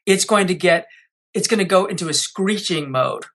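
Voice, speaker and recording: A man's voice: high-pitched, normal speed, a bit bright. A man speaking as a podcast guest, coaching listeners with energy and acting out quotes. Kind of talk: podcast interview.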